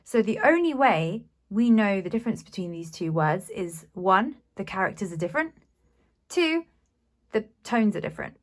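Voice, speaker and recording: A woman's voice: medium pitch, animated, fairly quick, few pauses. A woman teaching a beginners' Mandarin lesson, explaining patiently and sounding out syllables with care. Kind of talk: slow, clear language lesson.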